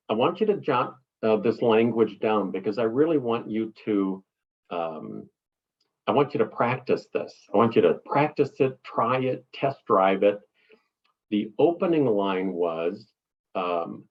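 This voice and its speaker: A man's voice: on the low side, sing-song, slow pace, slightly rough, dull audio. A middle-aged man, cohost of a business talk, teaching in an emphatic way and acting out client reactions. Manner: emphatic, repeats words for stress, acts out client voices. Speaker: cohost, speaking business coach.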